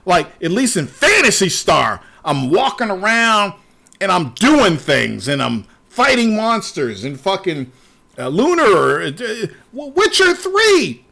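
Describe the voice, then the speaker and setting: A man hosting a casual show, ranting in an animated, profane way and trailing off into repeated words. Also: high voice, slow pace, creaky. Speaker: podcast host.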